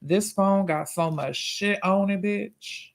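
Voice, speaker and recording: A man hosting a casual livestream, reading viewer comments and chatting in a profane, drawn-out way. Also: sits high. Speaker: livestream host and musician.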